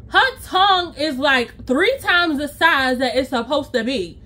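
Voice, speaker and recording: A woman vlogger spins a storytime tale in a high, bright voice. She is animated and chatty, acting out quotes and tossing in sound effects as she goes. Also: measured pace. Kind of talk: storytime vlog.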